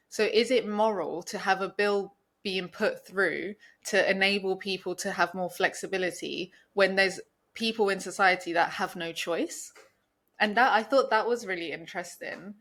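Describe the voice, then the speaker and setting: A woman's voice: mid-range voice, steady tone, moderate pace, fairly bright tone. A young woman co-hosting a podcast, talking casually and rambling with many restarts and fillers. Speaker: podcast co-host. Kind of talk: casual chat.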